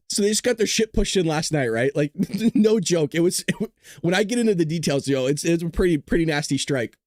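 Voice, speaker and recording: A man's voice: a little high, lively intonation, normal speed, pauses often, a little mellow, no room sound, studio quality. A tired man hosting a casual news commentary livestream, rambling, cursing freely and giggling often. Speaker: show host.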